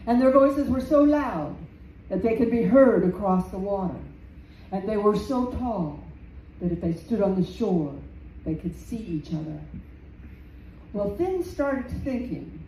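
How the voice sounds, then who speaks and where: A woman storyteller telling a folktale live in a community center room, slow and dramatic, repeating phrases for effect. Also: mid-range voice, warm tone. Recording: roomy, distant, faint background noise.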